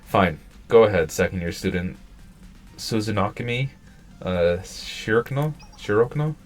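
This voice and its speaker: A man reading aloud in close to his own low voice as a strict, serious schoolgirl treasurer who runs a meeting. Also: lively intonation, a little slow, faint music behind. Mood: stern. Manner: firm, exasperated, businesslike.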